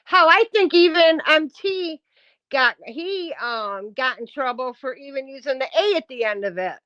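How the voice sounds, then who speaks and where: A woman's voice: high-pitched, animated, moderate pace, bright, forceful tone, dry recording, muffled recording. A woman on a live stream, ranting bluntly and confrontationally at her chat and swearing often. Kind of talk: heated live-stream rant.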